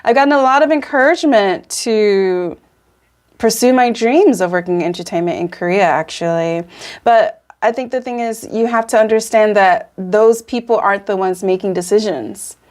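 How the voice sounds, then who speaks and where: A woman's voice: medium pitch, normal speed, a little mellow. A woman in her thirties from Atlanta, hosting a vlog, chatting casually and giggling often as she reacts and tells stories. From Atlanta, Georgia, USA. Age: 30s. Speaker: vlog host.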